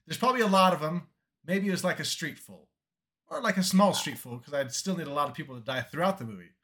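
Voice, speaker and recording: A man co-hosting a comedy show, casually making up an action movie pitch on the spot. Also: lively intonation, fast talker, pushed and bright. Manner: casual, winging it, upbeat. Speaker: comedy podcast co-host.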